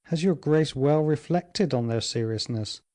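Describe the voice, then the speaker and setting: A man reading the lines of an aging queen who speaks with dignified, measured sternness. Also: on the high side, a little mellow, pitched above the performer's own voice, natural voice. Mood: wry.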